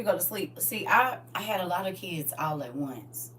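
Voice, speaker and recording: Middle-aged woman, lively teasing preacher, fairly low voice, sharp tone, heard from across the room, faint hum. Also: moderate pace. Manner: lively and chatty, teasing the crowd directly, sudden loud outbursts. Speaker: speaker at a live church gathering. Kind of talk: preaching by storytelling to a crowd. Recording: far-off mic with faint hum.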